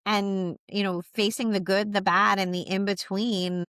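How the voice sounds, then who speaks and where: A woman hosting a podcast interview, asking questions in a steady, encouraging way. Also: mid-range voice, measured pace, smooth, no echo, clean studio sound. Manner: steady, encouraging with frequent "mm-hmm". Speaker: podcast host.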